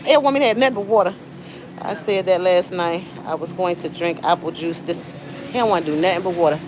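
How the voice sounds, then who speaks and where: A woman's voice: on the low side, quick pace. A woman from the Southern US with a Southern accent, chatting casually to livestream viewers while shopping and breaking into sudden exclamations. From Southern United States. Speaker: livestream host. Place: grocery store. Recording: noisy store ambience.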